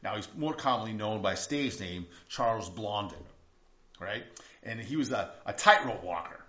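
A man preaching a sermon as pastor, telling a story emphatically and dropping to hushed tones. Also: on the low side, animated, moderate pace. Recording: echoey room, dull lo-fi sound.

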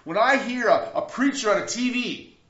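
A man preaching a sermon as a pastor, in an earnest manner that swings between loud, emphatic bursts and quiet, reflective stretches. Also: very high-pitched, animated, moderate pace. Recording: roomy, dull lo-fi recording.

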